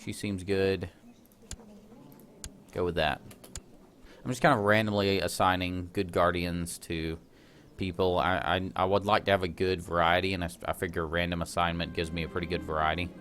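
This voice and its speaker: Let's play host, male, low voice, casual and self-deprecating, faint background noise. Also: level tone, moderate pace, a bit bright. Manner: chatty, self-deprecating, laughs at himself. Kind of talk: casual gameplay commentary.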